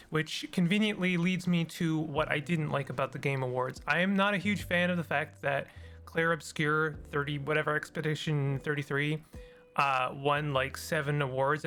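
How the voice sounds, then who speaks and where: A man's voice: fairly high pitch, bright, forceful tone. A man hosting a casual solo commentary on games, talking in a rambling, tired and cynical way with many restarts. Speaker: gaming video host.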